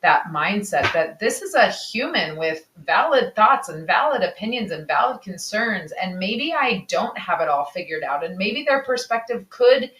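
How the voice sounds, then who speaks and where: A woman's voice: mid-range voice, very animated, normal speed, few pauses, a bit bright, slight background noise. Candid, reflective woman in an echoey room. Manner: reflective, candid, sometimes swears. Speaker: podcast co-host. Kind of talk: casual conversation.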